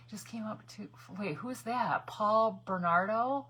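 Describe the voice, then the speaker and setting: A woman's voice: mid-range voice, slow, bright, forceful tone, slightly rough. A woman chatting casually to her viewers while doing a craft project, laughing often and muttering to herself as she works. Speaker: craft vlogger.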